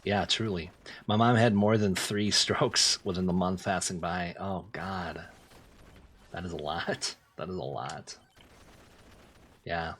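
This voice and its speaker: A young male streamer talks through a game in a relaxed, chatty way, answering viewers as he plays. His voice is very deep with a husky grain. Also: slow pace, pauses often. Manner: laid-back, chatty, reacting to chat. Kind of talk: casual gameplay commentary.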